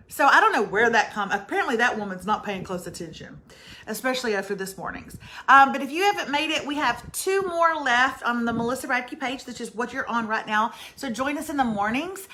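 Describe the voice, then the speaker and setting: A high, bright woman chats live to her viewers, her pitch leaping all over as she teases and exclaims. She talks into a mic set in front of her. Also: animated, a little fast. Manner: chatty, teasing, exclaims to viewers. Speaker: livestream host. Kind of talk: casual livestream chat.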